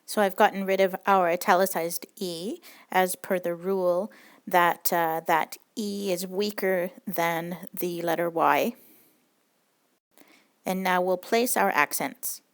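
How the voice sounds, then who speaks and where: A woman's voice: lowish voice, steady tone, slow pace, clean tone. A woman teaching a recorded language lesson, explaining rules patiently and step by step.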